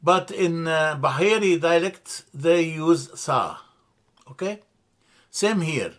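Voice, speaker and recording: A man teaching a language lesson from slides, slow and deliberate, repeating terms and correcting himself as he explains. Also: a little high, expressive, fairly bright tone. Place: church classroom.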